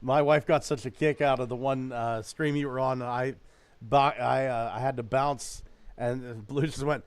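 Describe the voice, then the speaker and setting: A man's voice: medium pitch, steady tone, normal speed, clean tone, dry recording. A man hosting a podcast, talking loosely and joking, swearing freely. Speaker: podcast host. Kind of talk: casual chat.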